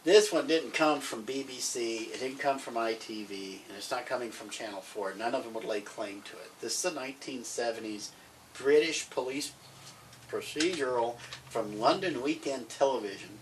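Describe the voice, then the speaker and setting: Man, podcast co-host, rambling and chatty, mid-pitched voice, set back from the mic, faint hiss behind. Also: normal speed. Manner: chatty, rambling, grows excited. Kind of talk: casual chat recommending TV shows. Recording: distant mic, faint background noise.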